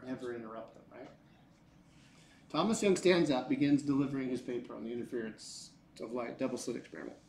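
A male teacher lecturing a class in a lively, joking way, often asking the students questions. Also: mid-range voice, a little fast, creaky, a little hiss or hum. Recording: echoey classroom.

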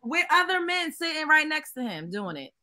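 A woman's voice: high-pitched, sing-song, moderate pace, pushed and bright, no echo, studio quality. A woman co-hosting a talk show, talking bluntly, profanely and exasperated. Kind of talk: casual chat.

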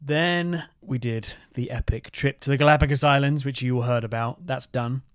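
A man co-hosting a travel podcast, chatting in a relaxed, jokey way. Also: medium pitch, normal speed, clean tone, dry recording, clean studio sound. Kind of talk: casual chat.

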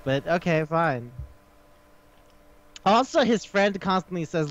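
A man's voice: high voice, expressive, slow, highs cut off. A man co-hosting a casual podcast chat, rambling and laughing, with lots of swearing. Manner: laughing, profane, rambling retelling. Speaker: podcast co-host.

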